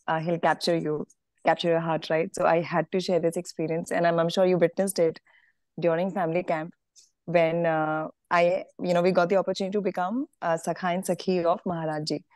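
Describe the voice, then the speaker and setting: A woman's voice: on the low side, little pitch movement, fairly quick, darkish tone, no room sound. A woman with an Indian English accent gives an earnest, emotional testimony on a video call. She hesitates and restarts often. Her sound is dry and close. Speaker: participant sharing a devotional experience.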